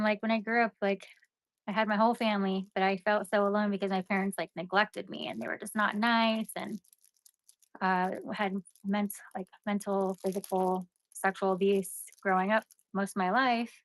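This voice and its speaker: A young woman chats casually to her live-stream viewers, rambling and venting with "like" and "you know" sprinkled throughout. Her voice is medium in pitch, with no room sound.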